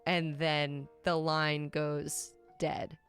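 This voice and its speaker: A woman runs a tabletop role-playing game as its game master. She narrates slowly and deliberately, pausing on ums. Her voice sits low, with faint music underneath. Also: flat delivery, a bit bright. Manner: slow, measured narration with frequent ums.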